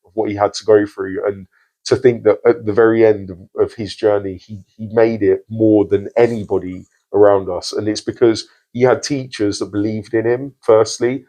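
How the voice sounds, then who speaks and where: Low, mellow-voiced podcast host. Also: male voice, low-quality recording. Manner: earnest, hesitant with fillers. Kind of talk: casual podcast interview.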